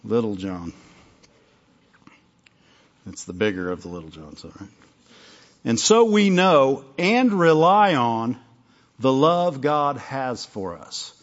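A pastor in a mid-range, sing-song voice preaches slowly, pausing often. His manner is conversational and self-interrupting, with acted-out little dialogues, all on a dull lo-fi recording.

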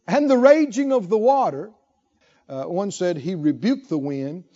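A man's voice: sits high, animated, a little slow, mellow, muffled recording. A man preaching a sermon, asking rhetorical questions and repeating lines for emphasis. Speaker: pastor.

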